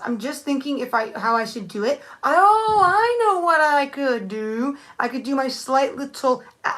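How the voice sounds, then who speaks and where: A woman's voice: on the high side, a bit bright. A young woman thinking aloud in a rambling, casual live-stream chat, answering viewers with many restarts. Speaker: nail art streamer.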